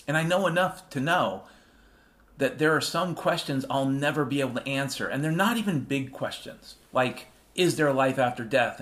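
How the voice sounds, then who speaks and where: A man's voice: medium pitch, a bit bright. A man in his fifties hosting a rambling solo monologue, irreverent and profane, sometimes drifting into half-sung refrains. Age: 50s. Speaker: show host.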